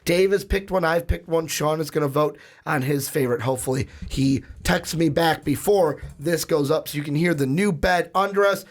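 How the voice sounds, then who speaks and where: A man with a hoarse, raspy voice from shouting, hosting a casual sports podcast and rambling through plugs and asides. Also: on the high side, moderate pace, few pauses. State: hoarse, lost voice. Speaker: podcast host.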